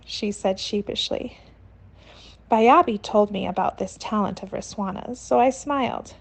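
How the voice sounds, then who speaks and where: Woman, audiobook narrator, steady even reading, mid pitch. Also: a little slow, creaky.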